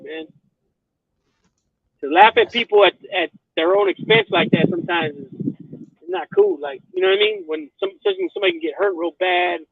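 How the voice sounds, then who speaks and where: High-pitched, gravelly man on a phone line. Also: no room sound. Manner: profane, rambling, keeps asking "you know what I mean". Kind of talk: casual chat. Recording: tinny phone line, dry.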